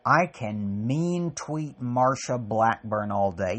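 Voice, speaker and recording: A man speaks a personal essay at an extremely slow, halting pace, leaving long pauses between phrases. His voice sits at an ordinary middle pitch, and his delivery is raw and blunt, with swearing. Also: animated, fairly bright tone. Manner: raw and profane. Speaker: podcast host.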